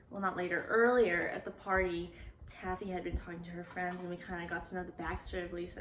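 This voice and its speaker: A woman's voice: on the low side, fairly bright tone, reverberant, a little hiss or hum. A woman retelling a film's plot in a casual, chatty way, acting out the characters' lines. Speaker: movie recap host. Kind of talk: casual movie plot recap.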